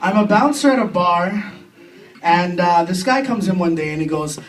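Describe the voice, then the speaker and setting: Young Canadian man, stand-up comic, high-pitched, crude self-deprecating jokes, distant mic, faint club noise. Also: animated. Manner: crude, self-deprecating punchlines with quick voiced impressions. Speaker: stand-up comedian. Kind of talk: stand-up comedy set. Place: comedy club stage with an audience.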